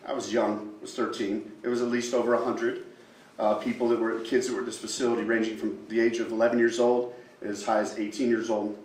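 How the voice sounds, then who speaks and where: A man in his forties from Utah testifying at a legislative hearing, emotional and halting, with many pauses and fillers. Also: mid-range voice. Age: 40s. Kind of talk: public testimony. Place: large legislative hearing room. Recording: echoey room, far from the mic.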